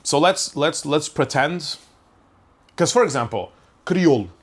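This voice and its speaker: A man's voice: fairly high pitch, expressive, measured pace, husky. A young man, rambling through a casual podcast monologue, full of questions and frequent swearing. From Portugal. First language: Portuguese. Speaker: podcast host.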